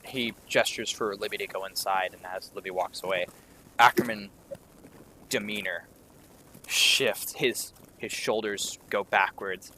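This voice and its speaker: A man narrating as game master in loose, hesitant speech with many fillers, sometimes dropping to a hushed whisper, over a video call. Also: on the low side, steady tone, measured pace, slight background noise. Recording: music playing underneath.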